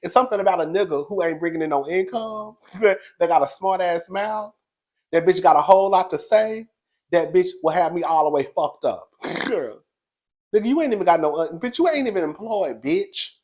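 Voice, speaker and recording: Animated and sitting high in pitch, this man's voice has a darkish tone and normal speed. As host of a reality TV recap, he trades gossip brashly and profanely, with plenty of sass and laughter.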